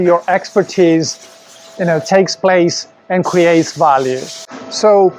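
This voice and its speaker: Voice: medium pitch, darkish tone, slight background noise. A company presenter leading a live product tour through a warehouse workshop, speaking with enthusiasm and often restarting phrases. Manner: enthusiastic, with frequent restarts and fillers. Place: large indoor warehouse workshop.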